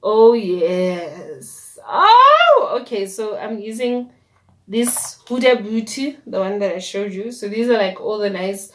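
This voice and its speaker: A woman's voice: mid-range voice, measured pace, warm tone. A young woman with a South African accent, telling her story casually while doing a makeup tutorial, dropping in Sesotho words and playful asides. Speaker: YouTuber.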